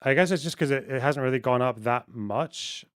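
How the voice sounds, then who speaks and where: A man's voice: mid-range voice, normal speed, fairly bright tone, clean tone, no echo. Male streamer, 30s, blunt and profane, dry close sound. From Britain. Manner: blunt, sweary and offhand. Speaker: livestream host. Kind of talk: casual live-stream chat.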